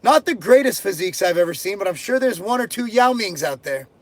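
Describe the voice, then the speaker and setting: A man's voice: sits high, lively intonation, a little fast, no echo. A middle-aged man hosting a live stream, reading out viewer questions and answering them bluntly, joking crudely and swearing freely. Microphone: headphones and desk mic.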